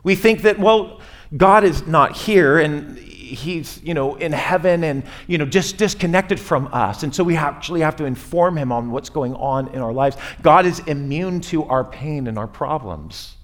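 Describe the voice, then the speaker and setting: A man preaching a sermon to his church in a conversational way, rising and falling in pitch and loudness as he makes his points. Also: unhurried. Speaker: pastor. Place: church sanctuary.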